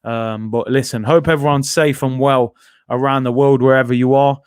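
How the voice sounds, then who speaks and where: An English man hosts a casual football talk stream, chatting loosely with lots of fillers and asides as he reads viewer comments. His mid-range voice is steady, darkish, clear and resonant, at a normal speed. The recording is dry, with clean studio sound.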